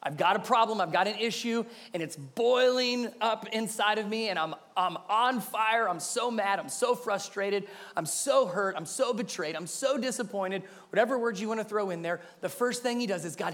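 Male pastor, high-pitched, earnest emphatic sermon delivery with repeated phrases. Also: normal speed, few pauses, a bit bright. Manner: earnest, speaks directly to the listeners.

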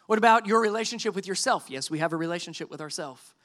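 A middle-aged male pastor delivers a conversational sermon with a high, bright voice. He slips easily into acting out quoted lines and keeps his tone lively. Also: fast. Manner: conversational, animated preaching with quoted dialogue.

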